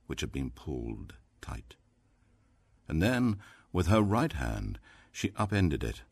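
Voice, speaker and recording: A man narrating a story in an audiobook with dramatic, expressive delivery. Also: rumbling low, no room sound.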